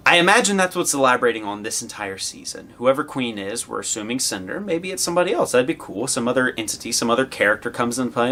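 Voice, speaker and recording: A male show host gives a casual, excited review. His pitch swings widely as he talks, and he rambles through asides before breaking into loud cheers. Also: quick pace, few pauses.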